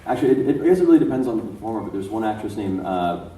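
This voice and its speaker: A man's voice: fairly low pitch, expressive, rapid-fire, warm tone, a faint crowd. A man, a voice actor on a convention panel, sharing a casual anecdote in a chatty, laughing way. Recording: echoey hall recorded from far off.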